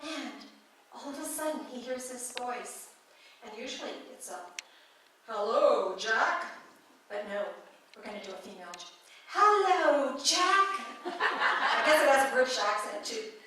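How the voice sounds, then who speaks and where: A woman's voice: on the high side, brisk, fairly bright tone. A woman giving a conversational, playful sermon as a guest speaker at a spiritual church. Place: church sanctuary. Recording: echoey hall from far off.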